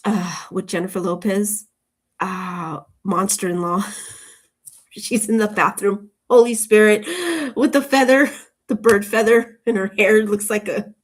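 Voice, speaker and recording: A woman with a mid-range voice and a steady, unhurried tone gives a casual tarot reading to camera. She's chatty, keeps wandering off into tangents, and laughs often between remarks.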